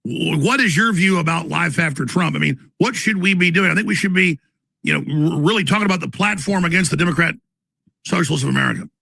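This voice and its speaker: A man hosting a talk show debate, talking with animated, stammering restarts and a gravelly edge. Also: a little high, fast, dry recording.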